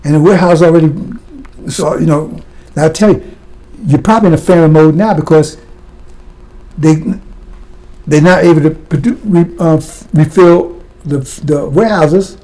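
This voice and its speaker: Guy preaching hard, fiery and blunt, keeps throwing questions at ya, kinda high-ish voice. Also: moderate pace, dark tone. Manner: impassioned, blunt, fires rhetorical questions at listeners. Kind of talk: fiery sermon.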